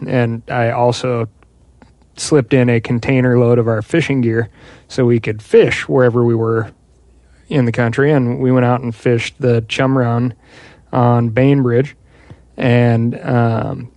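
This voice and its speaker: A man's voice: medium pitch, a little mellow, no echo. A man on a casual podcast telling a rambling story, with a lot of hesitation along the way. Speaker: podcast co-host.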